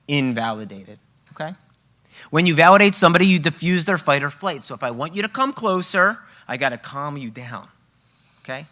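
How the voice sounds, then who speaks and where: A man's voice: fairly high pitch, bright, forceful tone. A man presenting a parenting workshop to a live audience, speaking emphatically and often checking in with "okay?" and "right?".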